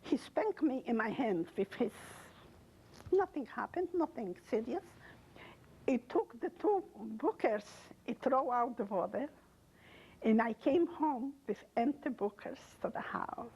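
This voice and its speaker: Older woman, from Poland, husky voice, slightly high, halting emotional testimony, broken grammar. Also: animated, a little mellow, dull audio. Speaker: interviewee. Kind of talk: oral history testimony.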